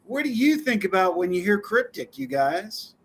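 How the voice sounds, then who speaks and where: A man's voice: sits high, very animated, normal speed, a little hiss or hum. A man co-hosting a live-stream talk show, chatting casually with a loose, laughing, filler-heavy delivery. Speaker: co-host.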